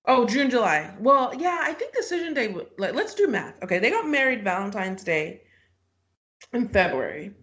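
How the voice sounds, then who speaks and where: A woman's voice: a little high, normal speed. A woman co-hosting a casual podcast, rambling with lots of "like.". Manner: lively, rambling, fillers like "like". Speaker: podcast co-host. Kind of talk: casual chat.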